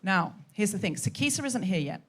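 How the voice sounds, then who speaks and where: A woman's voice: mid-range voice, animated, brisk, a bit bright. A woman hosting a live comedy podcast on a hot theatre stage, chatting with and teasing the audience. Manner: chatty, teasing crowd work.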